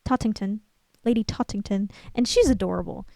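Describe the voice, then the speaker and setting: A young woman talks through a film in a loose, rambling way. She breaks off to hunt for the right word and pokes fun at herself. The sound is dry and close, with her voice sitting at a middle pitch. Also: fairly quick, vocal fry, darkish tone, no echo. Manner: rambling, self-deprecating, searching for words aloud. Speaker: channel host. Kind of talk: casual film commentary.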